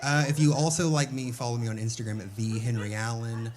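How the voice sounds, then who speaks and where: A man's voice: mid-range voice, level tone, brisk, background noise. A young male comedian doing stand-up on a stage, in a loose, rambling, offhand way.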